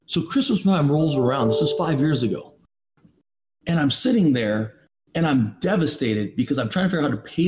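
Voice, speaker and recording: A man's voice: medium pitch, a little mellow, slight background noise. A man in his thirties, a podcast guest, telling a personal story with emphatic, preachy rhetorical questions. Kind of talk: candid motivational storytelling.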